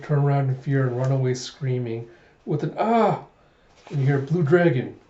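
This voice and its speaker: A man reading a manga aloud with commentary, retelling the scenes in an animated way. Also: medium pitch. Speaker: manga reviewer. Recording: dull echoey home recording.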